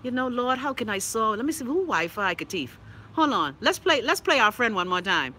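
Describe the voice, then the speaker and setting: Bahamian woman, live-stream host, sassy and profane, bright tone, slightly scratchy throat. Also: fairly high pitch, sing-song, brisk. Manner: sassy, blunt, profane, chatty. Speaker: live-stream host reading viewer comments. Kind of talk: casual live-stream chat.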